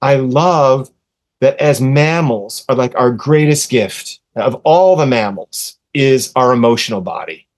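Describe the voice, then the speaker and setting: A man in his sixties, a podcast guest, telling a personal story earnestly and with animation, softening to a hush when quoting gentle words. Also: medium pitch, unhurried. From USA. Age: 60s. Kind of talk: casual storytelling in an interview.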